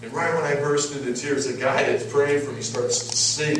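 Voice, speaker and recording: A man's voice: mid-range voice, steady tone, brisk, heavy background noise. A middle-aged man giving an emphatic sermon testimony, telling his story and repeating words as he goes. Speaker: preacher. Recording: echoey hall, mic at a distance.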